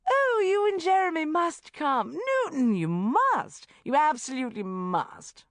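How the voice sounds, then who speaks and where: A woman reading as a gushing, shrill society hostess. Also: big pitch swings, moderate pace, no echo, heavily acted. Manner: breathless, effusive, high and loud. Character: gushing posh social-climbing woman.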